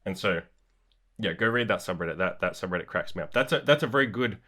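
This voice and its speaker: A man's voice: sits low, expressive, fast, pushed and bright. A male podcast host talking in a blunt, laid-back way, swearing freely in casual chat.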